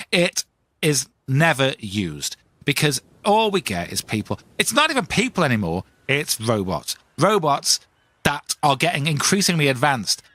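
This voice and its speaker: A man's voice: medium pitch, a bit bright, no room sound. A man hosting a comedic podcast monologue, ranting in a self-mocking way. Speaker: podcast host.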